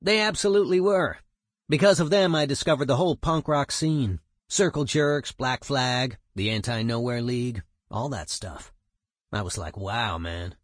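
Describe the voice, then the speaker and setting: A man's voice: medium pitch, moderate pace, no echo, studio quality, natural voice. A man voicing a streetwise male punk musician, telling a story in a profane, emphatic way. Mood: animated.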